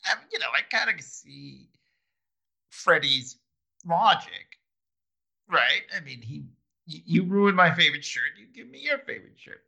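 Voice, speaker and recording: A man's voice: on the high side, very animated, a little slow, creaky, long pauses, sharp tone, slightly rough. A man co-hosting a casual chat, recapping a TV episode, laughing often and restarting his sentences. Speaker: podcast co-host.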